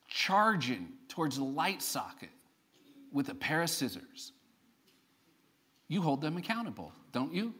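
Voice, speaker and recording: A man's voice: medium pitch, a bit bright, husky. A male pastor, a father of a young child, preaching a sermon in church in a conversational, joking way, asking the congregation rhetorical questions. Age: adult parent of a young child.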